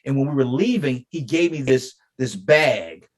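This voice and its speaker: A middle-aged man, an interview guest, telling a personal story in an animated, emotional way and acting out quoted dialogue. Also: mid-range voice, moderate pace. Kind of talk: conversational storytelling.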